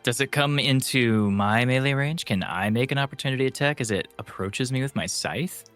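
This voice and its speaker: A man's voice: mid-range voice, moderate pace, fairly bright tone, soft background music. A man playing a tabletop game, earnest as he checks the rules and vividly describes his attacks. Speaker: player. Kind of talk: casual tabletop play.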